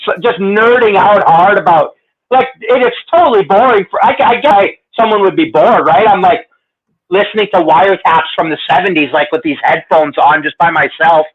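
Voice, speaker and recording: A man's voice: sits high, moderate pace. A man with a Canadian accent chatting casually, laughing often and swearing as he rambles. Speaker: podcast co-host. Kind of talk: casual chat. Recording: tinny phone-like line.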